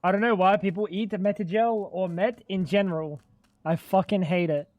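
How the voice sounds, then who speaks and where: A man's voice: sits high, steady tone, moderate pace, darkish tone, no room sound. Profane joking streamer guy. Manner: joking, profane banter with chat. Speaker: livestreamer. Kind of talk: casual gaming livestream chat.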